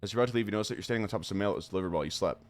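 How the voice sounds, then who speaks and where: A young man livestreams a horror game, wandering off on tangents, swearing and laughing a lot, and quickly reading the on-screen text aloud. His voice sits on the low side, and the talk is live gameplay commentary.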